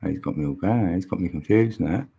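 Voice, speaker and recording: A man's voice: deep voice, a little fast, creaky, warm tone, slightly rough, highs cut off. A man hosting a livestream, chatting casually with viewers and rambling through musings with frequent laughs, on a mic mounted on an arm extension. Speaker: livestream host.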